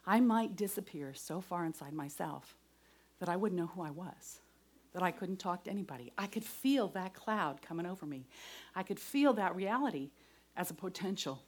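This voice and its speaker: A middle-aged woman giving a devotional talk and personal testimony, earnest, moving between raised voice and soft whispers. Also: lowish voice, lively intonation, normal speed. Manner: earnest, shifts from loud to whispered.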